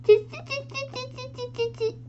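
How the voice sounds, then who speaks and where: A woman voicing a troop of mischievous monkeys in a children's storybook reading, with high squeaky chanting chatter. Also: fairly even intonation, moderate pace, dark tone, lo-fi sound, faint music behind. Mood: mocking.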